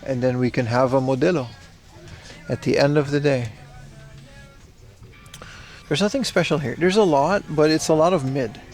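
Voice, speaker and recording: A man's voice: medium pitch, normal speed, pauses often, a little mellow, faint music behind. A man hosting a casual livestream while he browses a retro game shop and chats with viewers. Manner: chatty, browsing and reading chat aloud. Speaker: livestream host. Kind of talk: casual IRL livestream chat.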